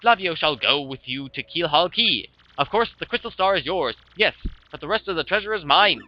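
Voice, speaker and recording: Man doing a grandiose vain merchant, high, dull lo-fi with music. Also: expressive, normal speed, lightly acted. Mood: haughty. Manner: pompous, theatrical, grandiose. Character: vain flamboyant male merchant captain.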